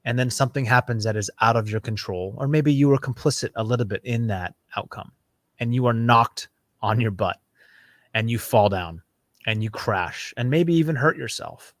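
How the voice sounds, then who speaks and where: A man's voice: medium pitch, moderate pace, dry recording, studio quality. A man in his thirties, a podcast guest, telling a personal story in a reflective way that builds through repeated phrases.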